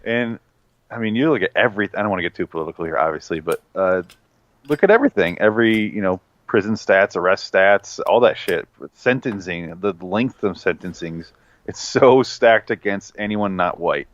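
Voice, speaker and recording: Low voiced podcast host guy, blunt and cussy, muffled dry audio. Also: moderate pace. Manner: blunt, swearing, opinionated. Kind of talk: casual chat.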